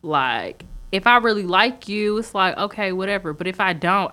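A woman's voice: on the low side, normal speed, hardly any pauses. A young woman co-hosting a casual podcast, telling a dating story and acting out the other voices. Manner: animated, acts out quoted dialogue. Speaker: podcast co-host.

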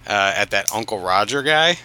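Bright, lively man bantering with profanity. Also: fairly low pitch, normal speed, clean tone. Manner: joking, profane, interrupts. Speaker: podcast co-host. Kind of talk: casual podcast banter.

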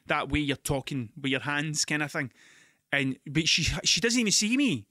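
A Scottish man hosting a podcast, telling stories in an animated, sweary, ranting way. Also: a little high, moderate pace, no echo, studio quality. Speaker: podcast host. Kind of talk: casual monologue.

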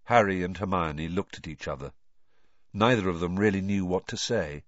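Low, animated male audiobook narrator; dry, dull lo-fi recording. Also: moderate pace, dry recording. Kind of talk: storybook narration.

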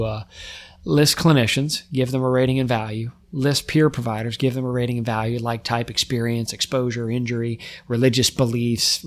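A middle-aged firefighter speaks in a mid-range voice, sharing a painful story on a podcast. He talks with raw emotion, pushing his voice up when the feeling builds and letting it sink to almost nothing afterward. He restarts his sentences and repeats words as he searches for them. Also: mid-range voice. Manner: raw and emotional, voice climbing when worked up, then trailing off quietly. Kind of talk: personal storytelling in a podcast interview.

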